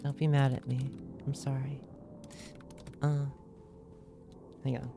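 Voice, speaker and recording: A woman streams a video game with faint music in the background, reading its text in a put-on accent she doesn't keep consistent and joking with viewers in a giggly, playful way. She has a bass voice with vocal fry, a level tone, and a slow delivery.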